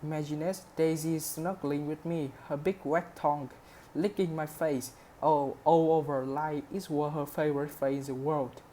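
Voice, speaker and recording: Woman reader, deep voice, steady pace, light background noise. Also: normal speed. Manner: steady reading with small slips. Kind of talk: reading a novel aloud.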